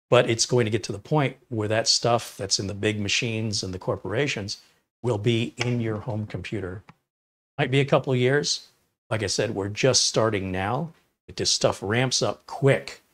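A man's voice: lowish voice, a bit bright. Emphatic man hosting a tech livestream. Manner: opinionated, emphatic, enthusiastic. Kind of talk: live stream chat with viewers.

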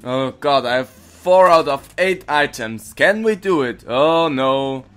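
Excitable, cursing gaming man, bright voice. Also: mid-range voice, takes it slowly, smooth, soft background music. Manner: excitable, swears, playfully grumpy, yells repeated protests. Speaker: gaming channel host. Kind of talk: let's play commentary.

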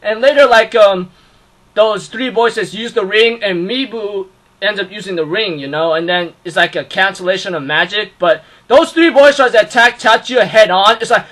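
An excitable man rushes through an anime recap, piling on fillers and yelling sound effects. His voice sits high and bright, with a sharp, forceful edge. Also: rough recording. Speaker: anime reviewer.

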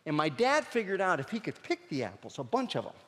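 A middle-aged man from Pennsylvania telling comic stories on stage, jumping up high and loud when he acts out his dad. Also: quick pace, in a large hall. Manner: animated, shouts his dad's lines in a high voice. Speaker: stand-up comedian. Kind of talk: storytelling stand-up comedy.

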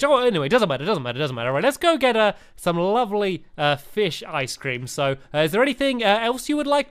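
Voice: medium pitch, quick pace, few pauses, clear, resonant tone. A gaming host playing a game and acting a fussy ice cream shopkeeper in playful role-play. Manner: animated, laughing, playful shopkeeper bits.

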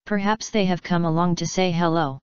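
A calm, reassuring old male grasshopper from a storybook, read by a woman. Low and crisp, with a dry, slightly muffled sound. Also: a little fast, no room sound, lightly acted.

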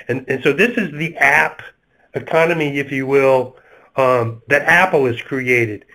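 A man with a Southern US accent, speaking as a panelist in a webinar discussion, halting and full of fillers and restarts. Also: mid-range voice, bright, forceful tone, rough recording.

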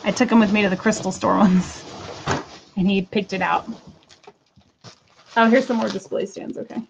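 A woman's voice: medium pitch, steady tone, normal speed, vocal fry, highs cut off, a little hiss or hum. A woman in her thirties chatting casually to viewers while unboxing crystals, exasperated and talkative. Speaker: crystal seller.

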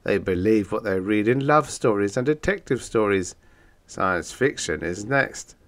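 A man's voice: lowish voice, expressive, measured pace. A man voicing a wisecracking bug-eyed male monster in an audiobook, breezy and matter-of-fact. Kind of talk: audiobook character voice.

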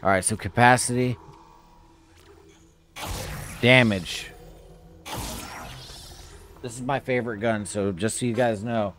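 A man's voice: mid-range voice, steady tone, slow, pauses often, fairly bright tone, soft background music. A young man from California chatting casually and profanely with his viewers while he plays a game live. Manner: laid-back, profane slang, chatting with viewers. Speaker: streamer playing a horror game. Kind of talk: casual live-stream chat.

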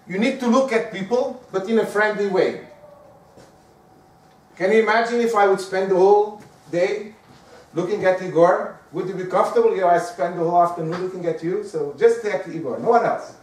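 A man gives a chatty lecture and keeps checking in with the room. His voice sits fairly high. He is picked up from across an echoey lecture room. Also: moderate pace, recorded from a distance. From Portugal. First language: Portuguese. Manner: lively, conversational, often asks the room "right?". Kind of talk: lecture on giving presentations.

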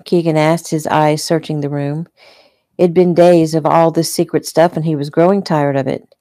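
A woman reading her own novel aloud at home in a plain, unhurried way. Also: low voice, fairly even intonation, creaky, mellow, no echo, clean studio sound. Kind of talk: casual audiobook reading.

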